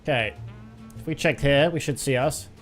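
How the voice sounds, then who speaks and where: A man's voice: mid-range voice, moderate pace, faint music behind. A young British man chatting casually with his live chat while flying a simulator, rambling and laughing often. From Britain. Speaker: flight sim streamer.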